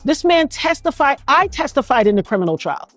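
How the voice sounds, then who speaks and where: A middle-aged woman from New York City recounting being shot, in an animated, emotional storytelling manner full of restarts. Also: sits high, brisk, no echo, soft background music. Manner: animated, acts out others' voices, frequent restarts. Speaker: interviewee recounting a shooting.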